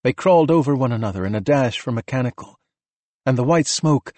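A man narrating an audiobook in a steady, measured reading voice. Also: medium pitch, no room sound. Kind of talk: scripted narration.

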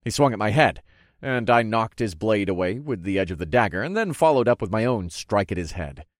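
Low-voiced man narrating with lively pitch. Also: a little fast, dry recording, clean studio sound. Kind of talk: first-person audiobook narration.

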